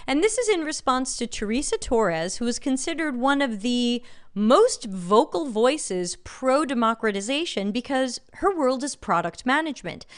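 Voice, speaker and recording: A woman's voice: a little high, smooth. A woman with a light New York accent hosting a live stream, reading out chat comments and giving blunt, sardonic commentary. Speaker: livestream host.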